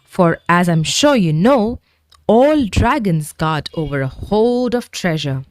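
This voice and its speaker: A woman reading a bedtime story aloud to children in a gentle, expressive manner. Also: on the low side, slow pace, dry recording.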